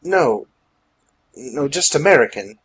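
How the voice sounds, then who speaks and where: Blunt steampunk adventurer, read by a man, husky voice. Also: medium pitch, expressive, slow pace. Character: adult male adventurer inventor, plain-spoken.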